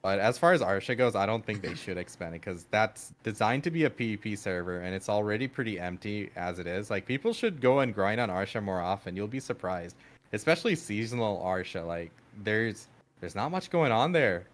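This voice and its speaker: A man with a fairly low voice co-hosts a casual podcast, speaking frankly and at ease. He often opens with "I mean" and laughs readily between points. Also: a little fast. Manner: relaxed, frank, laughs easily, leans on "I mean". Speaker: podcast co-host. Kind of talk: casual gaming podcast chat.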